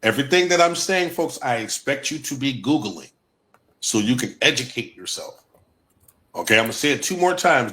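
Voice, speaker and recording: A man's voice: medium pitch, expressive, moderate pace, sharp tone. A man giving an emphatic livestream talk, repeating key points with a Black lilt. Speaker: guest presenter.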